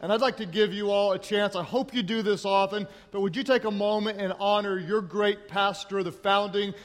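A middle-aged man from Oklahoma, a guest pastor preaching in an energetic, joking, self-deprecating way. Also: sits high, normal speed. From Oklahoma, United States. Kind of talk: sermon. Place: large church sanctuary with congregation. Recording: hall reverb with crowd.

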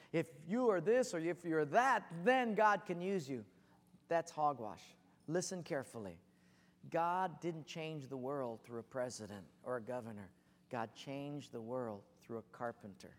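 Impassioned high-voiced male preacher. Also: lively intonation, moderate pace, big-room sound. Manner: impassioned, rises to near shouting in stories. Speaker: pastor. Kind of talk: sermon.

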